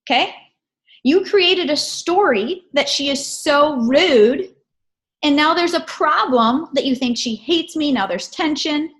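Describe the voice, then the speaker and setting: A woman with a slightly high voice retells a training session to a group. She tells it as a lively, casual story and keeps checking in with her listeners along the way. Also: takes it slowly. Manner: animated, checks in with listeners often. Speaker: presenter recapping a training event.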